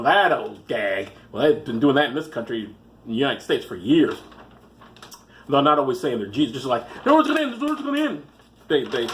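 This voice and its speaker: A man's voice: on the high side, a bit bright. A man hosting a show, reading news stories aloud with rambling, sarcastic comic asides. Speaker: host.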